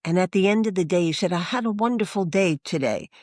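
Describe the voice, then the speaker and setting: A religious sister telling a heartfelt story in conversation, lively and earnest, acting out remembered dialogue as she goes. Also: on the low side, fast, dry recording, clean studio sound. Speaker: religious sister sharing her story as a guest.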